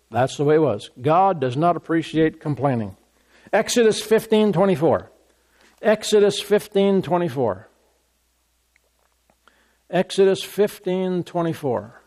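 A man preaching a sermon, repeating scripture references and mocking complainers in an animated way. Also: fairly high pitch, slow, pauses often. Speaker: pastor.

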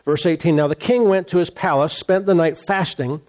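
A man preaches a sermon in a slightly higher-than-usual voice. He reads a scripture story and stops now and then for casual, plain-spoken asides. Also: normal speed, darkish tone. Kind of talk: sermon, reading scripture and commenting.

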